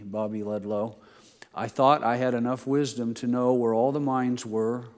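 A middle-aged man delivers a sermon from the pulpit in an easy, conversational way, leaning into scripture when he reads it aloud. His voice sits at an ordinary male pitch. The sound carries a long reverb from the large room around him. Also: darkish tone. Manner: conversational preaching, reading scripture aloud with emphasis. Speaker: pastor.

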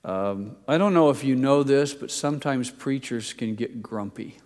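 A man's voice: mid-range voice, moderate pace, a little mellow. An older man preaching a sermon, telling a personal story in a conversational, self-deprecating way. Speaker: pastor. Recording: long hall reverb.

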